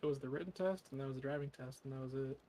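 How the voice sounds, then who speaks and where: A man's voice: mid-range voice, very fast, warm tone. A young man from California, chatting casually and venting frankly, with frequent swearing. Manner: frank, swears often, vents about annoyances. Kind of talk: casual chat.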